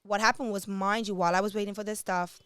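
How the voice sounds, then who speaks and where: A woman's voice: medium pitch, fast, clear, resonant tone, no room sound, clean studio sound. A woman entrepreneur from Bermuda, a podcast guest, telling her business story candidly and acting out the dialogue she quotes. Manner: animated, acts out quoted dialogue.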